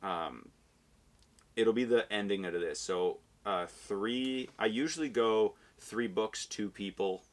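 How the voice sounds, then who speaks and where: A man's voice: fairly low pitch, slow. A man hosting a podcast, asking questions in a laid-back, agreeable way with plenty of fillers. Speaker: podcast host. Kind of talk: casual interview.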